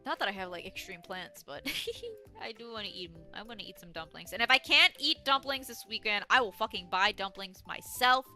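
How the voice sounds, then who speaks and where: A woman's voice: medium pitch, animated, brisk, pushed and bright, faint music behind. A young woman livestreaming as she plays a game, rambling through stories and chat with plenty of swearing, her throat dry and a little sore. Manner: rambling, chatty storytelling with frequent swearing. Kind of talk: casual chat while gaming.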